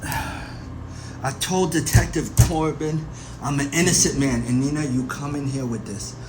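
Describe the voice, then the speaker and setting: In an amateur audio drama, a man plays a worried father accused of murder, stammering defensively and repeating himself under interrogation. His voice is a little high and a little slow, natural-sounding with fairly even intonation, in a noisy recording with ambience.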